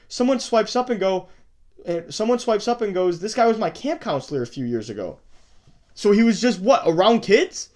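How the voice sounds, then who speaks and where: A man's voice: high voice, wildly swooping pitch, a little fast, a little mellow. A man hosting a video, angrily commenting on chat messages he reads out, swearing and sounding disgusted. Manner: profane, disgusted, heated. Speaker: host. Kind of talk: angry commentary reading chat logs.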